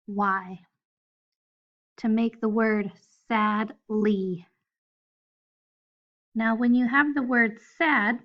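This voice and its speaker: Fairly high in pitch, a woman's voice comes through dull audio as she teaches first graders phonics. She spells out each letter patiently, one by one, in this recorded lesson for children.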